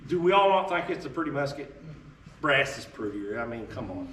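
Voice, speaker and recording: A man's voice: medium pitch, big pitch swings, a little fast, fairly bright tone, slight background noise. A man giving a casual, joking history talk to an audience, wandering off on tangents. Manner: folksy, joking, tangent-prone storyteller. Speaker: historical arms presenter. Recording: echoey room, mic far off, faint ambience.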